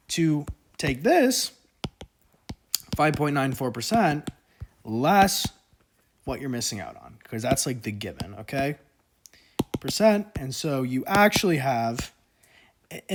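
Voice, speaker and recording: A man casually teaching an economics lesson, chatty with joking asides and lots of fillers, working through the math and pausing now and then with hiccups. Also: on the high side, very animated, a little hiss or hum. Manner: slow deliberate explaining. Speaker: economics tutor.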